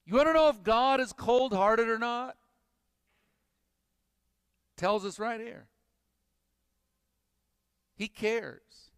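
Man, pastor, emphatic sermon, slow deliberate delivery, smooth resonant voice, long hall reverb. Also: extremely high pitch, studio quality. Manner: emphatic, dropping to hushed intensity. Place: church.

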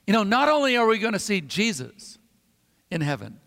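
Male pastor, high voice, emphatic sermon delivery with repeated phrases, booming hall reverb. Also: very animated, normal speed, fairly bright tone.

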